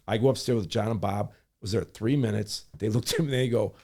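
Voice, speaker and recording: A middle-aged man from Michigan speaks in a somewhat low voice as a guest in a conversation. He tells a story with animation, slipping into the voices of the people in it. He often restarts and corrects himself mid-sentence. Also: a little mellow. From Michigan, USA. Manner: acts out quoted voices, rapid self-corrections. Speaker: guest, public servant.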